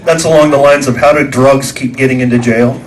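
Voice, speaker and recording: A man's voice: medium pitch, fairly even intonation, brisk, a faint crowd. A man performing a stand-up comedy set for a small live audience, telling folksy stories and acting out the voices and sound effects.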